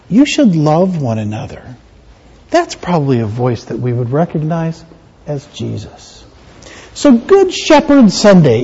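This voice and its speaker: A man's voice: high voice, dark tone, breathy edge, lo-fi sound. Playful guy pastor doing a kids sermon in church, voice jumps all over the place. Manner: playful, talks to children with questions. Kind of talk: children's sermon.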